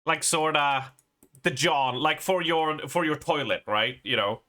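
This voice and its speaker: A man's voice: a little high, a little slow, bright, forceful tone. A man, chatting casually and rambling on a live stream, laughing and swearing as he goes. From Sweden.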